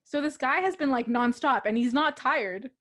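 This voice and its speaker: Young female co-host, casual and giggly sports chatter, a touch high. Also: normal speed, a bit bright. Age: young adult. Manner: chatty, laughs often.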